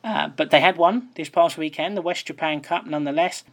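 A man hosting a darts podcast, reading a news roundup and then interviewing a guest in a measured, informative way. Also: fairly high pitch. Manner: measured, informative, uses fillers.

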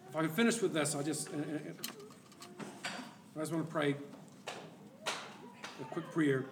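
A man preaching a sermon, telling a story with lively laughter and acted-out quotes, heard from a distance in an echoey church hall. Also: fairly high pitch, unhurried, noisy background. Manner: animated storyteller, laughs often, acts out quoted voices.

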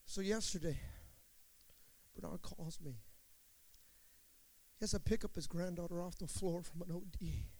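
A male pastor preaching a sermon with call-and-response, swinging between shouted emphasis and hushed storytelling. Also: high-pitched, normal speed, long pauses.

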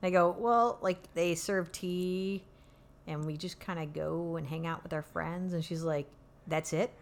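A middle-aged woman co-hosting a podcast in casual chat, teasing and quick to laugh. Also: fairly low pitch, fairly even intonation, creaky. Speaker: podcast co-host.

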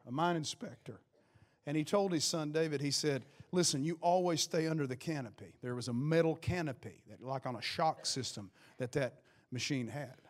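A man preaching a sermon, fervent and loud, calling out praise and telling stories with acted-out quotes. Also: sits high. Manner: fervent, shouting exclamations of praise.

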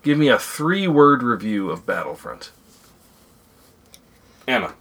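A woman's voice: a bass voice, big pitch swings, takes it slowly, a bit bright. A woman hosting a casual family podcast, playful and jokey, laughing easily at her own puns. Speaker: podcast host.

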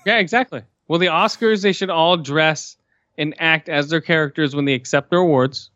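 A man's voice: fairly high pitch, moderate pace, a bit bright, no echo, muffled recording. A young man hosting a podcast, speaking in a laid-back, hesitant way with many fillers. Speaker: podcast host. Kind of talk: casual chat.

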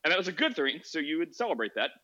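A man's voice: on the high side, sing-song, rapid-fire, pushed and bright, dull audio. A man hosting a podcast, telling a story in a sarcastic, laughing, casual way on a social audio app. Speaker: podcast host.

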